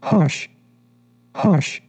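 A man voicing a timid, anxious white rabbit who speaks in hushed tones in a storybook reading. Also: mid-range voice, a little slow, close to an everyday voice. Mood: fretful.

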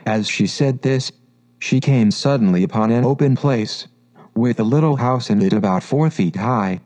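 A man narrating a classic children's story in a calm, measured reading voice. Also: mid-range voice.

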